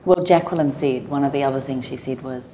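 A woman's voice: extremely low pitch, fast, dark tone, slight background noise. A woman from New Zealand with a New Zealand accent, a podcast guest telling her story in a candid, emotional way. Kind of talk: personal storytelling in an interview.

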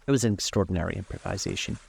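A man narrating a classic novel aloud in a measured storybook reading. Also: low voice, vocal fry, a little mellow, breathy edge.

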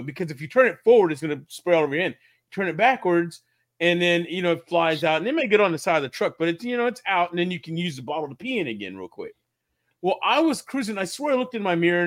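Guy rambling through a funny story, kinda high voice, lots of restarts. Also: fairly bright tone. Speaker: podcast co-host. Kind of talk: casual chat, storytelling.

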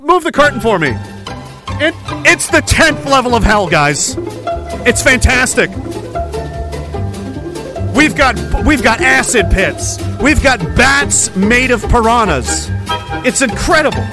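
A man's voice: very high voice, expressive, moderate pace, over music. A man voicing the devil as a boastful, cheerful host showing off new tortures to his demons. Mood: gleeful bragging. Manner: gleeful, showy, game-show announcer bragging.

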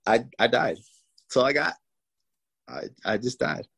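A man guest in an interview, telling his own story in an animated way and voicing the people in it. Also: mid-range voice, unhurried, creaky, slightly rough, low-quality recording.

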